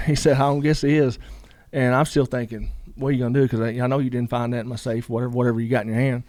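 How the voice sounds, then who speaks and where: A man's voice: mid-range voice, little pitch movement, racing, a little mellow, no echo, clean studio sound. A man, a guest telling a long story in a casual interview, rambling with lots of "you know" asides.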